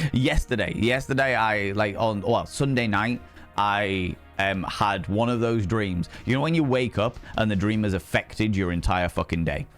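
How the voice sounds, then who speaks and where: A male streamer with a Yorkshire accent chats loosely with his audience, swearing freely and laughing often. His voice sits on the low side for a man. Faint music plays underneath. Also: measured pace. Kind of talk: casual live-stream chat.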